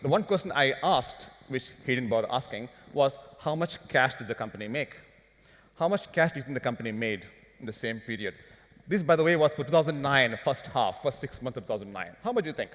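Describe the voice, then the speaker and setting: A man giving a live finance talk to an audience, animated and firing rhetorical questions at the crowd. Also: medium pitch, quick pace. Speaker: business speaker. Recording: long hall reverb.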